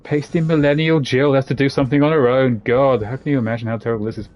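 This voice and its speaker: A man's voice: medium pitch, steady tone, fast, a little mellow, dull audio. A man giving casual, jokey commentary while playing a video game, rambling between asides. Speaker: game streamer. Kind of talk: casual let's-play commentary.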